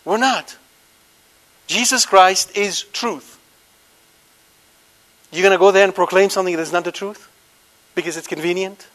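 A man preaching to a live congregation, animated, questioning the audience and swinging between loud emphasis and quiet asides. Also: sits high, moderate pace, long pauses. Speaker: Catholic preacher.

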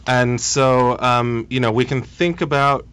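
A man in his thirties speaks as a policy guest on a radio interview. His voice is smooth and resonant, and he talks haltingly, stopping and restarting his sentences as he searches for words. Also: medium pitch, steady tone, a bit bright. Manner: hesitant, halting, many restarts.

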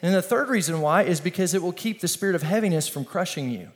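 A man pastor preaching an energetic, conversational sermon with call-and-response. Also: high voice, fast talker.

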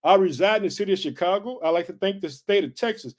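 Male preacher, high voice, fired-up podcast sermon full of repeated call-outs. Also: fast talker. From United States. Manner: excited, repeats "guess what" and "did you hear that". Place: home podcast setup in Chicago.

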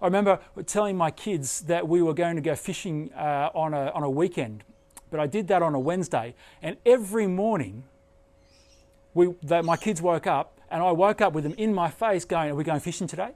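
A middle-aged man delivering a sermon with a notably high voice. He preaches earnestly, pushing up into emphatic bursts when he drives a point home. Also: moderate pace, darkish tone. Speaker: pastor.

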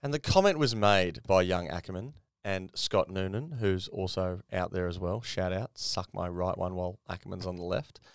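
A man's voice: deep voice, moderate pace, hardly any pauses, no echo, studio quality. A man co-hosting a podcast, chatting bluntly with crude banter. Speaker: podcast co-host. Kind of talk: casual chat.

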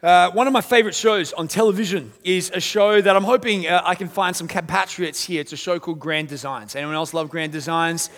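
A high-voiced man preaching from a church stage, his voice carrying a gravelly edge. He tells animated stories and acts out the people he quotes. The sound rings with a long reverb from the hall. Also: a little fast, hardly any pauses. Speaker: pastor. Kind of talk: sermon. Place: church auditorium.

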